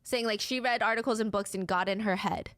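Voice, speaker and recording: A woman narrates a true crime case at a fairly quick clip, her voice a bit bright with no echo. When she reaches quoted lines she acts them out, lifting her pitch.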